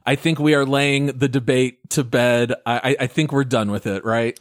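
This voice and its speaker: A man hosting a casual gaming podcast, upbeat and quick to laugh as he runs through the housekeeping. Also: mid-range voice, steady tone, no room sound, studio quality. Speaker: podcast host.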